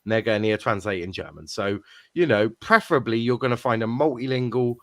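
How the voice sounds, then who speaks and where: A man's voice: medium pitch, fast talker, no echo. A man hosting a casual panel chat, rambling and jokey, swearing freely. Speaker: host.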